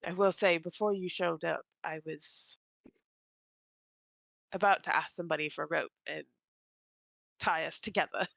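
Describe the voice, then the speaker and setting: Gravelly hesitant adventurer type, a player doing it, dry close sound. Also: mid-range voice, fairly even intonation, fairly bright tone, no room sound. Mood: concerned. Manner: halting, hesitant phrasing.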